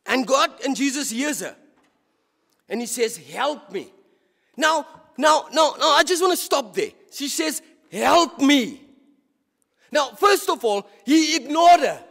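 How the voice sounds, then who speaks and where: A man's voice: very high-pitched, expressive, moderate pace, creaky, fairly bright tone. A South African man preaching a sermon in church as a deacon, impassioned, stumbling and repeating words as he goes. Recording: reverberant church hall.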